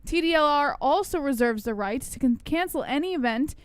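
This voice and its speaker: Bright, high-voiced woman reading news. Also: lively intonation, no echo. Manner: brisk, amused news reading. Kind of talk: casual chat and news reading.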